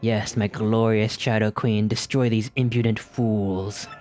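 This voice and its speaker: A man's voice: flat delivery, measured pace, darkish tone, faint music behind, close to an everyday voice. A man voicing a scheming male villain who fawns theatrically over his queen. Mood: fawning. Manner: theatrical, fawning, pitched up.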